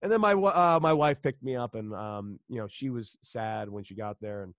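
A man's voice: fairly low pitch, normal speed, no room sound. A man in his thirties tells his story in a casual interview, voicing each person in it and swearing freely. His voice is dry and close, recorded with little room sound. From Los Angeles, United States. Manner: animated storyteller, acts out quoted dialogue, swears freely. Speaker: former pro baseball player, guest.

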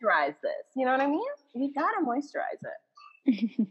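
A woman from Texas with a light Texan twang, co-hosting a podcast in a lively, casual way. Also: high voice, fast talker, breathy edge, big-room sound. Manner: animated, laughs easily. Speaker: podcast co-host. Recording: slightly dull lo-fi sound.

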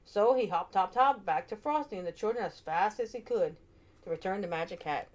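A woman's voice: medium pitch, fairly quick. Woman reading a storybook aloud. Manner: expressive, animated narration.

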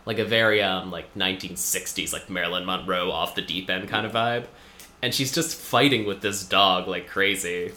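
Bright, rambling man in an echoey room. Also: low voice, moderate pace. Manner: rambling, filler-heavy storytelling with wry asides. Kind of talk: casual chat recapping a TV episode.

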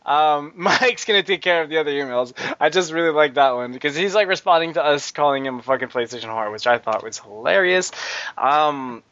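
A man's voice: a little high, fairly quick, a bit bright. A man from Canada co-hosting a podcast, joking and swearing a lot, laughing often in casual chat. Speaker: podcast co-host. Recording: dull, dry close mic.

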